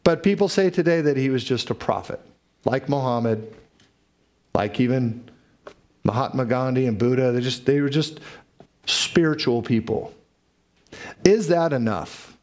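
Animated male preacher. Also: unhurried, long pauses. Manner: animated storytelling, acts out quotes with raised pitch. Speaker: pastor. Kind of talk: sermon.

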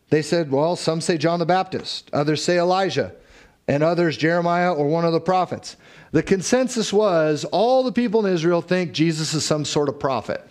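A man preaching a sermon, telling stories and acting out quoted voices. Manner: animated storytelling, acts out quotes with raised pitch. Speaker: pastor.

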